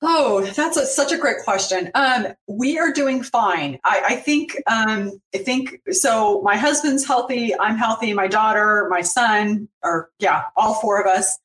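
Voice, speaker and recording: Female interview guest, measured and gracious, far off the mic in a roomy room. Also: on the high side, a bit bright. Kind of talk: live-streamed interview.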